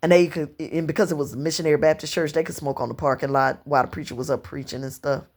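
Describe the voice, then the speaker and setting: A woman in her fifties from Louisiana with a Southern accent, telling long personal stories to camera in an unhurried, rambling way. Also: deep voice, fairly even intonation, darkish tone. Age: 50s. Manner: unhurried storytelling, drawn-out phrasing, slips into dialect and quoted voices. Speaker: vlogger.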